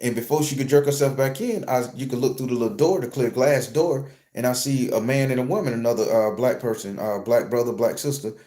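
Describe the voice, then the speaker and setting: A man's voice: mid-range voice, fairly quick, hardly any pauses, mellow. A man vlogging a casual story as a blunt, profane and emphatic rant.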